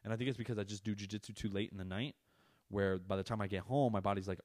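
An adult man hosts a podcast, delivering a casual monologue about being a parent and ranting with exasperation and plenty of profanity. His voice is fairly low with fairly even intonation and a slightly fast pace, recorded at studio quality with no room sound.

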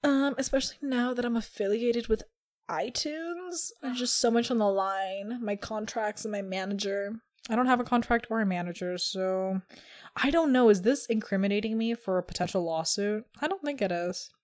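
A woman's voice: fairly high pitch, moderate pace, a little mellow. A young woman hosting a casual podcast, rambling and teasing with lots of fillers. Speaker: podcast host. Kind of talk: casual chat.

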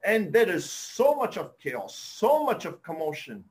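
A man's voice: high-pitched, huge pitch swings, unhurried. A male pastor, preaching a sermon and telling humorous stories in which he acts out the characters' lines.

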